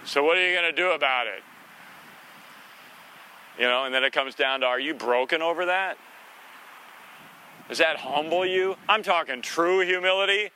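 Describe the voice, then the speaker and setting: A man with a high, very bright voice preaches in a loose, chatty way. He is sarcastic and folksy, and he slips into playful voices now and then to make his point. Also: slight background noise. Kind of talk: conversational sermon.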